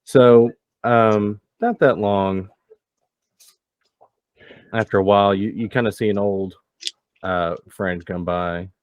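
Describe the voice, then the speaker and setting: A man's voice: fairly low pitch, steady tone, takes it slowly, pauses often, no room sound, phone-quality sound. A man narrating a tabletop game as game master in a casual, rambling way. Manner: casual, rambling, many fillers.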